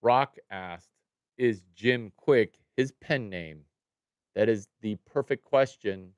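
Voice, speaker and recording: Middle-aged male streamer, excitable, unhurried delivery, crisp dry sound. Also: on the low side, dry recording. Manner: excitable, jumps from mumbling to loud outbursts. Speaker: livestream host. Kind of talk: animated livestream talk to chat.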